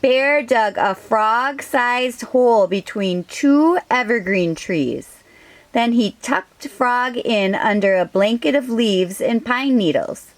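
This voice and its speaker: A woman hosting a children's storytime, reading a picture book aloud gently and asking the children questions. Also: on the high side, lively intonation, slow pace, no echo.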